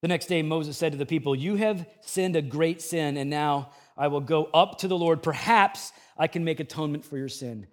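Man preaching, slightly high voice, conversational paraphrase, earnest swings between hushed and emphatic. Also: moderate pace, few pauses. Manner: swings from soft, low reflection to raised, urgent emphasis. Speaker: pastor. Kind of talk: expository sermon.

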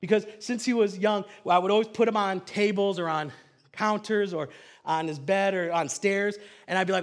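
High-voiced man preaching a sermon. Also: moderate pace. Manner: animated storytelling, swinging from hushed to loud. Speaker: pastor.

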